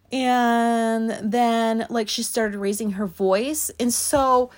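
A woman podcaster telling a personal story in a candid, chatty way, swearing freely and often breaking into laughter. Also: on the high side.

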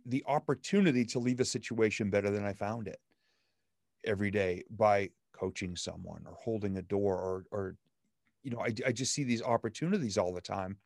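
A man as a podcast guest, telling everyday stories in an upbeat, animated way. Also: fairly low pitch, no room sound, studio quality. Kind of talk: conversational storytelling.

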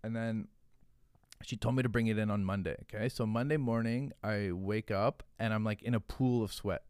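A man's voice: fairly low pitch, fairly even intonation, moderate pace, a little mellow, clean tone, dry recording, studio quality. A man, a podcast guest, telling a rambling, profane story in casual chat, full of "like". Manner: profane, rambling, heavy use of "like". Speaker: podcast guest, hot sauce founder.

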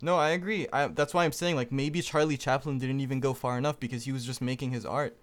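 A man's voice: medium pitch, steady tone, quick pace. A man in a casual political chat, speaking emphatically with hyperbole and casual swearing.

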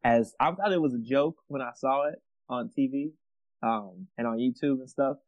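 A man's voice: medium pitch, normal speed, dry recording, muffled recording. A man co-hosting a sports podcast in casual chat, ranting emphatically, repeating himself and using casual slang. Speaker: podcast co-host.

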